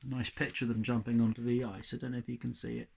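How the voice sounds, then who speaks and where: A man reading a children's novel aloud to young pupils, with a chatty, expressive manner. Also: medium pitch, fast, vocal fry, slight background noise.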